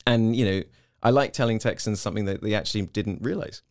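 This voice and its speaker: English man, middle-aged, interview guest, brisk storyteller, clean dry mic. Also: fairly low pitch, dry recording. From Hong Kong-born, British. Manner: chatty storyteller, quick and animated. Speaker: interview guest, content creator. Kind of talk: casual interview chat.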